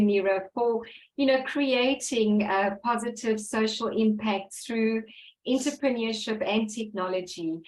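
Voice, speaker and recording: A woman's voice: mid-range voice, reverberant, rough recording. A woman born in Italy and raised in South Africa, giving an earnest, emotional speech at a book launch and apologizing with laughs. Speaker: book co-author speaker.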